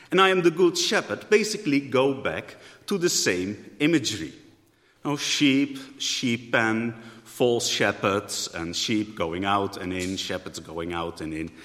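A man's voice: lowish voice, fairly bright tone. A man preaching a sermon in a thoughtful way, often rephrasing mid-sentence. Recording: echoey hall.

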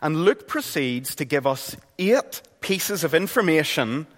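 A middle-aged man with a Northern Irish accent preaches a sermon in a church hall, earnest and conversational, frequently restarting his sentences. His voice sits on the high side, a bit bright and sing-song, at a measured pace, and the hall gives a long reverb.

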